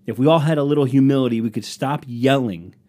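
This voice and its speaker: A man's voice: mid-range voice, quick pace, warm tone. Sarcastic man ranting on his podcast. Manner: ranting, sarcastic, mocks people in put-on voices. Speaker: podcast host. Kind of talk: solo comedic podcast rant.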